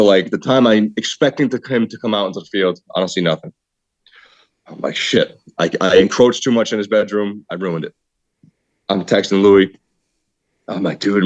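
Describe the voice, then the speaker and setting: Excited deep-voiced man telling a hunting story. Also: dry recording, muffled recording. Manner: excited, animated retelling with repeated "dude". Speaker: podcast guest, hunter. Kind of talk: casual storytelling.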